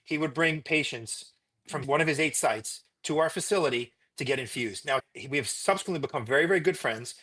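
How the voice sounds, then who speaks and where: A man, a physician, telling stories in a conversational interview in an emphatic, animated way. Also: fairly high pitch, brisk. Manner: emphatic, animated retelling with repetition.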